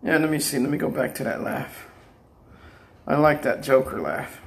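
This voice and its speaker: A man's voice: fairly high pitch, lively intonation, normal speed, gravelly, breathy edge. An older man talks in a rambling personal monologue, defiant and taunting, and he breaks into laughter now and then. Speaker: vlogger.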